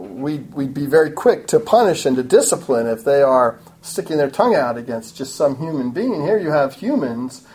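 Woman Bible teacher, lowish warm voice, lively swings in pitch, emphatic sermon delivery. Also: a little hiss or hum, poor audio. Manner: emphatic, animated preaching with frequent asides. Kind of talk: expository sermon.

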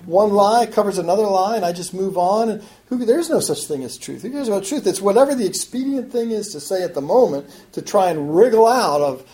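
Woman preacher, mellow dark tone, animated sarcastic emphasis in the sermon. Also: medium pitch, brisk, few pauses. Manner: voices God's taunts with rising sarcastic emphasis.

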